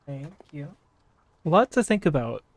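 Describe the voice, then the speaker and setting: A woman's voice: low-pitched, big pitch swings, measured pace, no echo. A woman streamer thinking aloud in casual gameplay commentary, musing with loose fillers.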